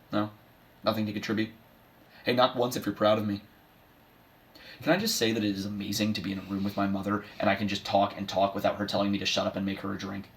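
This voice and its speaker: A washed-up middle-aged horse, as a man plays him, talks in a somewhat low voice with dry, bitter sarcasm. He is self-deprecating and keeps undercutting his own grief with jokes. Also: lightly acted. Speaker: son giving a eulogy. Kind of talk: comedic dramatic monologue.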